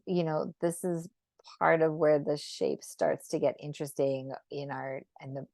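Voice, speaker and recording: A woman with a low, gravelly voice guides a drawing lesson over a video call. She talks gently and unhurriedly, often checking in with "right?". The sound is close and dry. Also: no room sound. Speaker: sacred geometry teacher. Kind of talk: live online drawing lesson.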